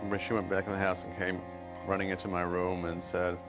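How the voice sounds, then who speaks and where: Deep-voiced man over loud music. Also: completely flat delivery, brisk. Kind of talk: casual anecdote. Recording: music bed under the voice.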